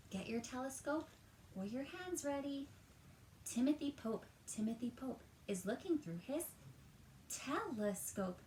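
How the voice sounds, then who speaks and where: Animated woman reading a story to kids. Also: fairly high pitch, reverberant, a little hiss or hum, rough recording. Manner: animated, drawn-out words, talks to children. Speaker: teacher reading to children. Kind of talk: storytime read-aloud. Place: at home, roomy indoor space.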